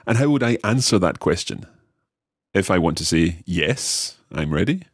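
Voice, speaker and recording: Low husky male language-lesson host. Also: big pitch swings, no room sound, clean studio sound. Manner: measured, guiding, repeats phrases slowly.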